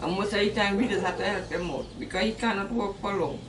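An older woman with a Trinidadian accent giving a plain, heartfelt, halting account of receiving a new home. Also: medium pitch, background noise. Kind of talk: casual testimony. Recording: echoey, far from mic, with music.

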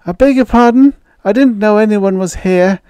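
A timid, very polite young boy, put on by a man reading the story, each word carefully shaped. The voice sits high above the reader's own, in a dry, close recording. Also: normal speed, darkish tone, clean tone, no room sound, close to an everyday voice. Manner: precise careful enunciation.

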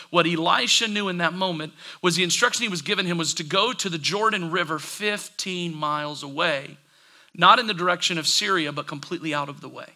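A man preaching a sermon as pastor, telling the story in an animated, conversational way. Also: high-pitched.

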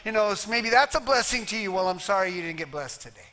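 A high, bright male voice preaching in a church sanctuary. He talks plainly and emphatically, sometimes putting on little voices to poke fun. The tone is forceful and lively. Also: quick pace, few pauses. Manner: plain-spoken, emphatic, mimics voices for humor. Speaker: pastor. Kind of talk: sermon with altar call.

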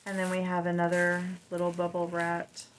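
A woman's voice: fairly low pitch, monotone, a little hiss or hum, rough recording. A woman vlogger chatting casually and gushingly as she unboxes gifts. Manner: warm, gushing, unhurried.

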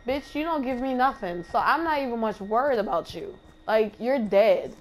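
A woman with a fairly high voice narrates her gameplay in a loose, profane, trash-talking manner. Game music hums faintly behind her. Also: expressive, moderate pace. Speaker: gamer streamer. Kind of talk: casual gameplay commentary.

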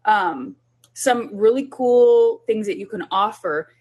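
A woman's voice: mid-range voice, expressive, slow pace, darkish tone, breathy edge. A woman who is a child development specialist, giving a conversational parenting workshop and acting out little dialogues with children. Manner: conversational, acts out dialogue with her kids.

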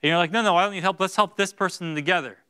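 Bright, clear-voiced male pastor preaching. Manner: swings between hushed, slow words and loud, high bursts. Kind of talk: sermon. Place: church sanctuary.

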